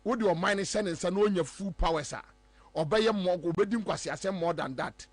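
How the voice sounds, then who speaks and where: An animated Ghanaian man hosts a political talk show, hammering his points home with emphasis. His voice sits high, and the recording is dry and close. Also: moderate pace, husky, dry recording. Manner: animated, emphatic, switching between English and Twi. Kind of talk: political commentary.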